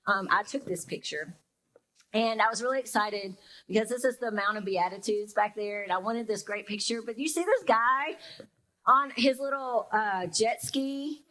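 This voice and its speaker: A woman's voice: a little high, normal speed, bright, forceful tone, poor audio. A young woman pastor giving a casual, reflective sermon, with lots of fillers and talking to her listeners as if in conversation. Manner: casual and reflective, many fillers, acts out listeners' inner reactions.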